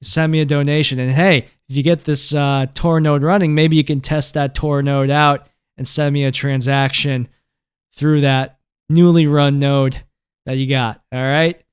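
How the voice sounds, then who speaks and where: Man, tech tutorial host, casual and chatty, checks in with "right?", smooth resonant voice. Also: fairly high pitch, level tone, measured pace. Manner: conversational, keeps checking in with "right?" and "okay?".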